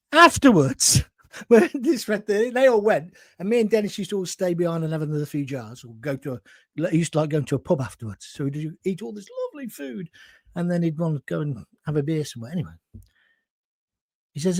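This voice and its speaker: Animated, high-pitched man swearing. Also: fairly quick, no room sound, studio quality. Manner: swearing, rambling with restarts and asides. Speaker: host. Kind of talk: casual storytelling monologue.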